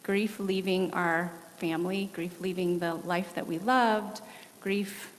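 A woman in her forties, a missionary guest, giving an earnest and animated testimony with laughs during a church service. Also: lowish voice, slow pace, a little hiss or hum. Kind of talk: candid testimony in an interview. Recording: long hall reverb.

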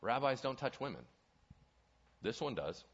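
A man's voice: medium pitch, unhurried, breathy edge. A male pastor preaching a sermon, asking the congregation questions as he goes. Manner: animated, asks the audience questions. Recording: dull lo-fi recording.

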